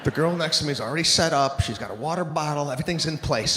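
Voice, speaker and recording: A man doing stand-up comedy, telling stories in an animated, exasperated way before a live audience. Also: a little high, rapid-fire, hardly any pauses. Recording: echoey hall with live crowd and noise. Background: audience laughter.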